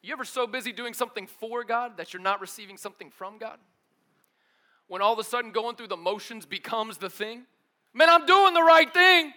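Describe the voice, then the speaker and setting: A young adult man preaching a sermon in a casual, energetic way, using slang like "dude" and "bro" and moving between loud emphatic bursts and quiet low asides. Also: fairly quick. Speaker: pastor.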